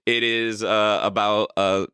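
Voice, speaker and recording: A man's voice: fairly low pitch, little pitch movement, takes it slowly, bright, forceful tone, clear, resonant tone, no room sound, studio quality. A man co-hosting a podcast, chatting casually in a rambling, profane way with lots of restarts. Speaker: podcast co-host. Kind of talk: casual chat.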